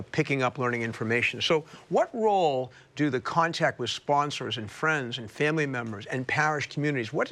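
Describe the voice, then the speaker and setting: A man's voice: mid-range voice, sharp tone. A man in his sixties, co-hosting a religious TV talk show, friendly and chatty. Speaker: TV co-host, priest.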